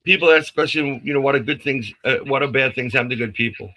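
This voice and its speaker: Bright-voiced man telling a story animatedly. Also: mid-range voice, fast, rough recording. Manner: animated, acts out quotes, laughs often. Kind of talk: casual storytelling on a live stream.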